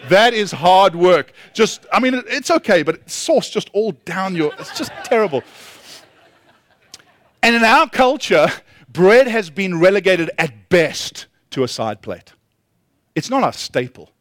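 Middle-aged guy pastor, high voice, dry close sound, jokey chatty sermon, lots of stumbles and repeats. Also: big pitch swings, unhurried, a bit bright, no room sound. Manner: humorous, chatty, self-deprecating; frequent restarts and repeated words. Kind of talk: conversational sermon.

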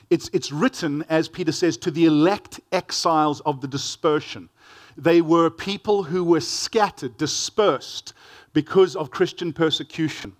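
A pastor with a South African accent and a slightly high voice preaches a sermon, reading scripture and telling stories. His manner is earnest and conversational, with gentle humor.

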